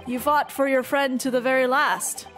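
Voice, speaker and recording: A woman's voice: sits high, steady tone, normal speed, a bit bright, soft background music. A woman voicing a proud older father in a game.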